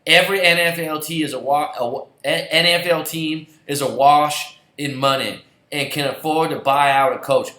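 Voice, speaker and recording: A heated, sarcastic man vents as a football fan, swearing and circling back to the same points. His voice sits a little high and sounds bright and sharp. The recording has a roomy echo. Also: fairly even intonation, normal speed. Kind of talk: angry ranting vlog.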